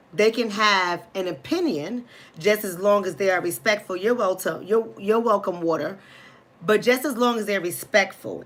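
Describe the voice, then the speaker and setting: A woman's voice: lowish voice, fairly bright tone. A woman with a New York accent hosting a live commentary stream, blunt and outspoken, talking straight to her chat. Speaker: livestream host.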